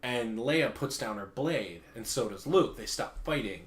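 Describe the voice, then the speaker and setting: A man's voice: mid-range voice, unhurried. A man retelling a comic story on a casual podcast, laughing often and acting out the characters' lines. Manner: animated retelling, laughs often, acts out quotes in raised voices. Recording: roomy echo.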